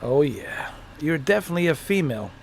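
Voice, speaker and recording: A man's voice: fairly high pitch, big pitch swings, brisk, creaky, a little hiss or hum. Casual male gaming streamer. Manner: casual, playful, talks back to characters. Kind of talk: live game commentary.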